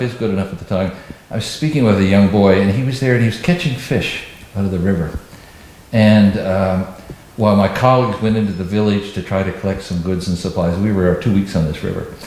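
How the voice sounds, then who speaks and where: A man's voice: lowish voice, a little mellow, a little hiss or hum. A man telling a personal anecdote, storytelling with occasional restarts. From Canada. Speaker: interviewee. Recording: very echoey room.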